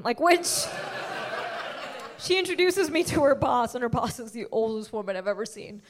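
High-voiced brash woman doing stand-up. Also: brisk. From United States. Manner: brash, animated, laughs at own jokes. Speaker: stand-up comedian. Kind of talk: stand-up comedy set.

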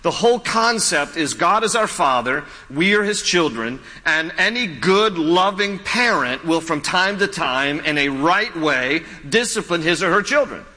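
A man's voice: on the high side, animated, measured pace, hardly any pauses, pushed and bright. A man preaching a sermon as a pastor, emphatic and repeating key lines, with humorous storytelling asides. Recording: long reverb of a large hall.

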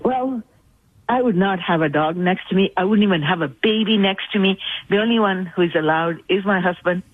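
A woman's voice: medium pitch, brisk, no room sound. A woman calls in to a radio show and speaks in a firm, matter-of-fact way. Her voice comes through a thin phone line. It sounds dry, with no room around it. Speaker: caller. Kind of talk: phone-in call.

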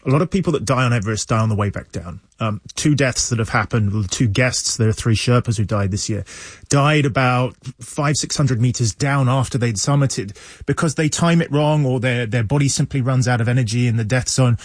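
A male guest on a radio panel argues his view with emphasis and conviction. His voice is mid-pitched and husky, recorded dry and close. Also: fairly quick, no echo. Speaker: studio guest commentator.

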